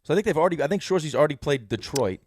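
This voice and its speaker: A man from New co-hosting a sports radio show, talking in quick, animated, jokey banter. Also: on the high side, no room sound, clean studio sound.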